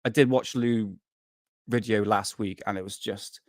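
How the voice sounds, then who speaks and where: A man's voice: lowish voice, steady tone, measured pace, no room sound, clean studio sound. A man hosting a casual live stream, rambling and swearing freely, worn out and burnt out, chatting to viewers. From United Kingdom.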